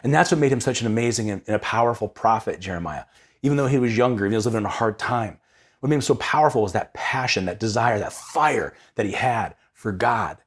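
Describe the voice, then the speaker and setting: A man's voice: lowish voice, fast. A young man hosting a casual reflection on the Sunday readings. He talks with energy and often repeats words as he gets going. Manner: energetic, conversational, repeats words when excited.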